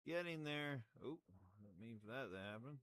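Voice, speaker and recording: A man's voice: medium pitch, lively intonation, moderate pace, fairly bright tone, no echo, studio quality. A man talking casually to the camera while he crafts, rambling and joking at his own expense. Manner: rambling, self-mocking, plays with words. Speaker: hobby crafter making model trees.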